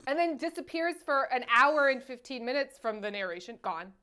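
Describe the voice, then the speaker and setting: High pitched woman host, animated and exasperated, casual film chat. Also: a little fast. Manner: animated, exasperated, restarts and trails off. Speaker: podcast host, film reviewer.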